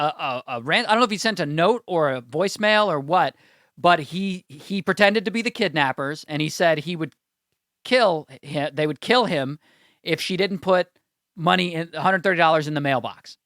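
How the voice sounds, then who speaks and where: Man, podcast co-host, wry deadpan delivery, dry sound. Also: high voice, moderate pace, no room sound. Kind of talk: casual comedic chat.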